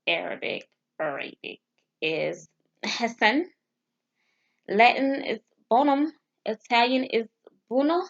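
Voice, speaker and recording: A woman vlogging casually as she practices foreign phrases, sounding them out haltingly with restarts and nervous, self-deprecating asides. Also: on the high side, sing-song, vocal fry. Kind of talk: casual language practice vlog. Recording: dull lo-fi sound.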